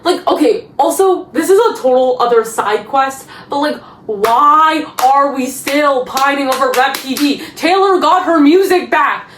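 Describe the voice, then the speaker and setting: A high-pitched woman chats through a TV episode recap with animated exasperation, now and then mocking the characters in put-on voices. Her voice bounces around an echoey room, with a faint hiss of noise underneath. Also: measured pace, hardly any pauses. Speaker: TV recap vlogger. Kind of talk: casual chatty episode recap.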